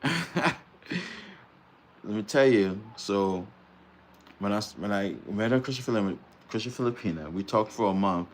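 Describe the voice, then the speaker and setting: A man's voice: fairly low pitch, expressive, a little slow, long pauses. A middle-aged man hosting a casual live-stream chat, talking in a loose, rambling way and laughing easily. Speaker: host.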